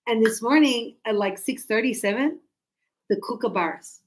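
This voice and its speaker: A woman teaching a class, chatty and animated, acting out birds and her students as she explains. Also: a little high, moderate pace, poor audio. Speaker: English teacher.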